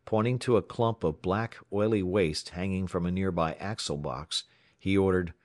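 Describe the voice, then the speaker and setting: Low-voiced male audiobook narrator, measured reading, dry booth. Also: darkish tone, no echo. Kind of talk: scripted story narration.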